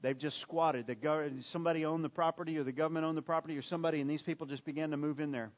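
A man preaching a sermon, emphatic and repetitive, swinging from loud bursts to hushed lines. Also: fairly high pitch, fairly even intonation, racing, muffled recording. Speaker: pastor.

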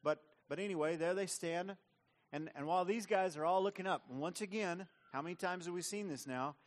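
A man's voice: sits high, brisk. A man preaching a sermon in a conversational, repetitive way. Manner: conversational preaching with frequent repeated words. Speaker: pastor.

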